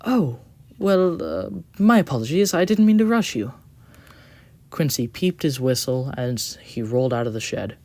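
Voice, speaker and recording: A storyteller reading an audio story aloud, expressive with the odd small slip. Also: mid-range voice, no room sound.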